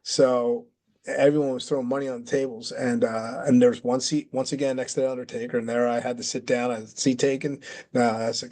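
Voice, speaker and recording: A middle-aged former wrestler recounting an old story to an interviewer in a relaxed, conversational voice. He acts out the quoted dialogue with lively jumps in pitch. His speech is loose and peppered with fillers. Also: a little fast. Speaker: retired pro wrestler guest. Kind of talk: casual storytelling.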